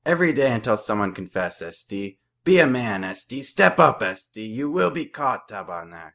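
A man voicing a furious, gum-chewing hockey coach with a thick French Canadian accent, shouting and cursing in broken English. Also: sits low, brisk. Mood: angry shouting.

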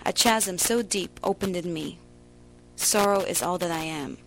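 A woman giving a slow, emotional, theatrical reading of a first-person story. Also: on the low side, vocal fry, a bit bright, a little hiss or hum, poor audio. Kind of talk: dramatic literary reading.

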